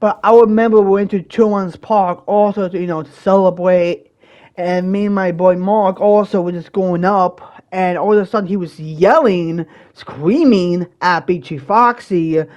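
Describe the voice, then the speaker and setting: A young man on his own channel tells a personal story, rambling casually with many fillers and restarts and the odd loud burst of exasperation. His voice is high and steady, a little slow.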